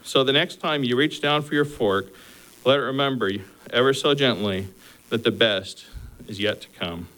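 A man preaching a sermon in an earnest, exhorting manner. His pitch sits in a middle range as he urges listeners through numbered points. He then moves into a steady, unhurried story. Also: rough recording.

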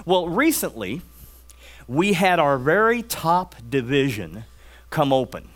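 Male preacher, fairly high-pitched, storytelling sermon delivery with soft hushed drops. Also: sing-song. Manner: swings from raised emphatic peaks to hushed quiet lines; storytelling, drawn-out words for emphasis.

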